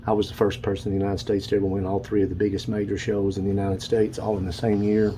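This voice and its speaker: Older guy, low mellow voice, rambling through old photos, faint hum behind. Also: completely flat delivery. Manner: rambling, pauses to recall names. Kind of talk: casual show-and-tell of books and photos. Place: dark room at home.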